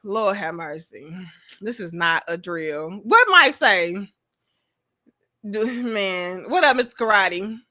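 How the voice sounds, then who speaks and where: A woman in her thirties hosting an online show, telling a story to her live chat. She is candid and profane, and she swings between loud outbursts and low asides. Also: big pitch swings, slow.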